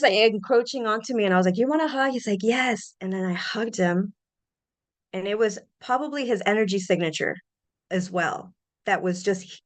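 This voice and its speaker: A middle-aged woman hosting a podcast, sharing personal reflections in an earnest, animated way with frequent restarts. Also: mid-range voice. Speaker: podcast host.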